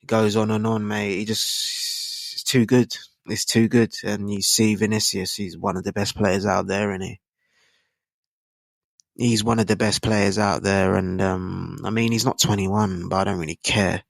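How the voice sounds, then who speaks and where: A man's voice: lowish voice, level tone, measured pace, gravelly, no echo. A man, rambling casually about football in slang and asking rhetorical tag questions. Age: 20s. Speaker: football channel host. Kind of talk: casual football opinion monologue.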